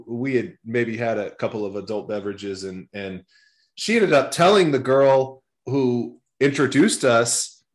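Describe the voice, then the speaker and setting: A man in his forties from Texas, USA, speaks in a mid-range voice at a slightly slow pace. He's a guest in a casual interview, telling long stories that ramble, with frequent repeated words and restarts.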